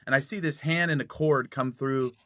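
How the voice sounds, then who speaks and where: A man's voice: mid-range voice, steady tone, moderate pace, a bit bright, dry recording, clean studio sound. A man in his forties telling a personal story on a podcast, acting out the dialogue as he goes. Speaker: podcast guest.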